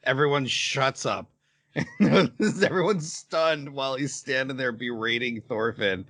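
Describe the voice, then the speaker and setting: A grown man co-hosting a casual anime podcast, chiming in with amused, lively reactions to the plot. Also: mid-range voice, slow pace. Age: adult. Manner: chimes in with amused, animated reactions. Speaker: podcast co-host.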